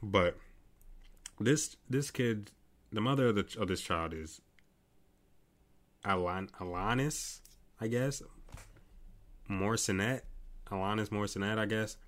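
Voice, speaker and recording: In a casual late-night solo podcast, the host speaks slowly in a lowish, fairly bright voice, pausing often. He's exasperated and tired, yawning, swearing, and restarting repeatedly as he rants.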